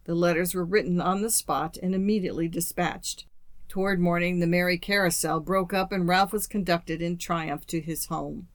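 Dry, measured audiobook narrator. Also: medium pitch, steady tone, no room sound. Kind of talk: storybook narration.

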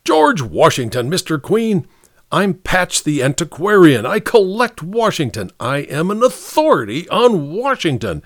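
A man voicing a large, blustering wealthy antiquarian who talks loudly and indignantly. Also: a little high, big pitch swings, measured pace, no room sound, clean studio sound, voice pushed up. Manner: loud, indignant, insistent.

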